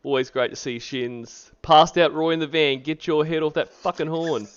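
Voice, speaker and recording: A man hosting a stream, chatting casually, rambling through shout-outs and laughing often. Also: fairly high pitch, fairly even intonation, moderate pace, smooth, lo-fi sound. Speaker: streamer host.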